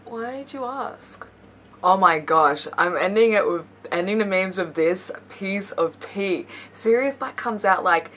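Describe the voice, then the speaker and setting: A woman's voice: on the low side, unhurried, fairly bright tone, slight background noise. A young woman YouTuber reading memes aloud with playful commentary, giggling often and teasing herself. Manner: giggly, laughs between lines; playful, self-mocking asides.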